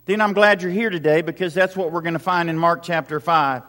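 Man, pastor, sermon, high voice, repetitive rhetorical questions, reverberant hall. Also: fairly even intonation, fairly quick, fairly bright tone.

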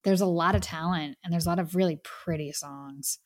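A woman's voice: fairly low pitch, steady tone, brisk, no room sound, studio quality. A woman co-hosting a podcast, chatting with enthusiasm about an album and saying "like" a lot. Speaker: podcast co-host. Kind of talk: casual music review chat.

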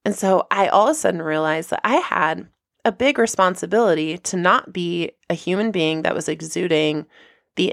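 A woman hosts her own podcast and tells a personal story in a chatty monologue. Her voice sits low with a gravelly fry. She leaps up in pitch to act out the people she quotes, and the sound is close and dry. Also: no echo. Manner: animated, acts out quoted people with big pitch jumps. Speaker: podcast host.

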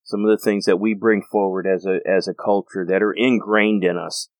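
Earnest low-voiced American man. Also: level tone, normal speed, no room sound. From United States. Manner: earnest, rambling with restarts. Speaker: host. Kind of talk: casual monologue.

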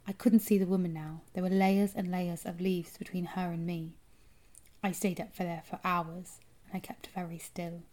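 A woman co-host reading a children's novel aloud with expressive, dramatic delivery. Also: lowish voice, moderate pace.

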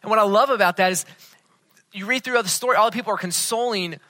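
A man preaching a sermon as pastor, earnest, often dropping to a hushed tone for emphasis. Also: sits high, quick pace, dry recording.

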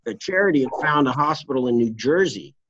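Blunt, salty trial lawyer telling a story. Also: male voice, medium pitch, lively intonation, brisk, a bit bright, no echo, lo-fi sound. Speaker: trial lawyer, interview guest. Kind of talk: candid storytelling interview.

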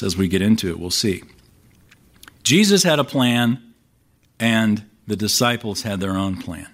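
Man preaching a conversational sermon. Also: mid-range voice. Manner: conversational, wry asides, lively quoting of scripture. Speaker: pastor.

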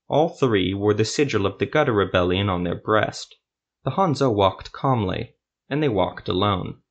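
A man narrating a fan fantasy story in a steady, even reading. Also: on the low side.

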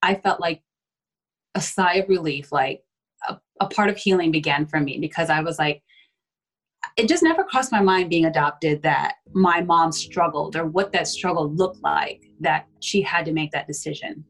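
A woman's voice: low voice, moderate pace, poor audio. A woman speaking as a podcast guest, talking openly and emotionally in a casual conversation, with frequent filler words. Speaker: guest, adoptee.

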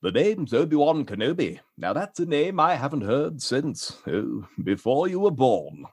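A man voicing a calm, wise older space knight in a measured, reflective manner. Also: mid-range voice, breathy edge, dry recording, clean studio sound.

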